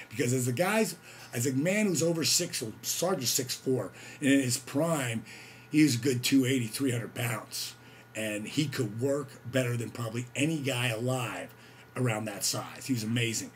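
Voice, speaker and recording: A middle-aged man with a gravelly voice tells a story casually and excitably, whooping and acting out quotes. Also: mid-range voice, slight background noise. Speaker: host telling a story.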